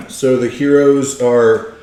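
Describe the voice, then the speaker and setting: A man running a tabletop game as game master, hesitant, with many fillers and throat clearing. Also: mid-range voice, steady tone, very slow, darkish tone, reverberant.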